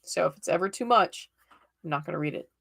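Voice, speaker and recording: A woman's voice: fairly low pitch, quick pace, creaky, a bit bright, slightly rough. Chatty woman reading tarot live. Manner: chatty and reassuring, checks in with "okay?" and "right?"; laughs often. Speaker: tarot reader hosting a live stream. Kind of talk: live-stream card reading.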